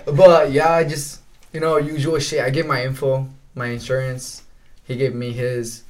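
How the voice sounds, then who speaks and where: A young man casually telling stories on a podcast, in a middle-pitched voice. His delivery is laid-back and full of swearing and "bro," and he laughs through his own stories. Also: little pitch movement, normal speed, darkish tone. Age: young adult. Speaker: podcast co-host. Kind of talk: casual storytelling chat.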